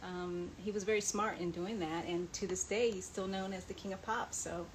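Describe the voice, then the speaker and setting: A woman hosting a live online chat, answering fan questions and reading out comments in a relaxed, chatty way. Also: on the low side, moderate pace, a little hiss or hum, rough recording. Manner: chatty, reads out viewer comments, laughs often.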